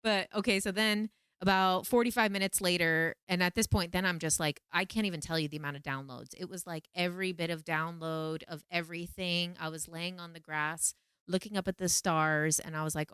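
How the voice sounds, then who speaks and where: Low-voiced woman telling a story. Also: a little fast, clear, resonant tone, dry recording, clean studio sound. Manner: animated, quotes herself in pleading high voice. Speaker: vlogger. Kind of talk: casual storytelling.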